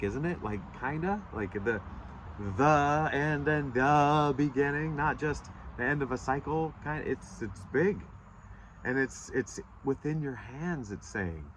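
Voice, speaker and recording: An earnest man rambling through a spiritual tarot reading out in nature, restarting his sentences and pausing to find words. He sounds choked up, with a stuffy nose from holding back tears. A faint hum of outdoor sound and passing traffic stays behind him. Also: medium pitch. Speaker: tarot reader. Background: birds and passing vehicles.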